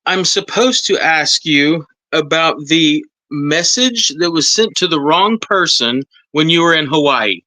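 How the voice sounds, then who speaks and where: A man's voice: on the high side, animated, a little slow, few pauses, pushed and bright, no echo, rough recording. A man hosting a podcast, asking easygoing questions and laughing often. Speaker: podcast host. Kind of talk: casual interview.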